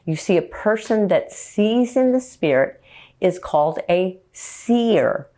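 A woman preaching a slow, earnest teaching sermon and quoting scripture. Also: mid-range voice, animated, mellow.

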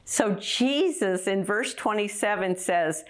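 A woman's voice: on the low side, a little slow. Woman bible teacher, earnest, exhorting, restarts mid-sentence. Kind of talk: radio-style Bible teaching.

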